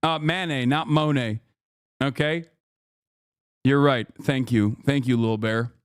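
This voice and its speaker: A man's voice: mid-range voice, unhurried, clear, resonant tone, no echo, clean studio sound. A man streaming reaction commentary, ranting emphatically with plenty of profanity.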